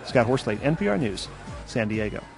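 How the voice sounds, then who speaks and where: A man reporting a radio news feature in a measured, scripted narration. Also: medium pitch, vocal fry, music in the background. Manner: measured, even delivery.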